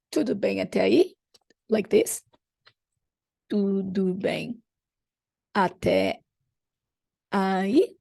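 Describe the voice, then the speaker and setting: Woman, language teacher, husky voice, dry close sound. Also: medium pitch, mellow, no echo. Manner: patient, repeats phrases slowly for students. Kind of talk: online language lesson.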